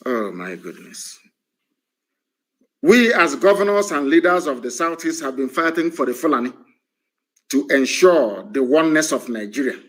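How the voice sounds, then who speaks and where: A middle-aged man speaking in a fiery, emphatic political broadcast. His voice sits a little high for a man, and he hammers home points with repeated phrases. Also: moderate pace, fairly bright tone. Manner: fiery, emphatic, rhetorical repetition. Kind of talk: live political broadcast speech.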